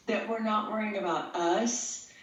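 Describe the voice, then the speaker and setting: A woman's voice: medium pitch, fairly even intonation, measured pace. An earnest woman who rambles as she explains herself to an interviewer. Her voice sounds far from the mic in a very echoey space. The sound is dull and lo-fi. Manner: earnest, rambling, gets emotional. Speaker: guest, empath and tattoo artist. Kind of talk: casual interview talk.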